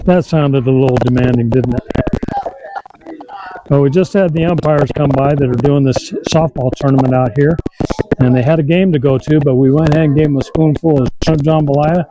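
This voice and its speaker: A man hosting an outdoor cooking vlog, talking in a relaxed, folksy way while he works on a windy campsite. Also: mid-range voice, normal speed, pauses often. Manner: relaxed, folksy, thinking aloud. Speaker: cooking channel host. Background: wind noise.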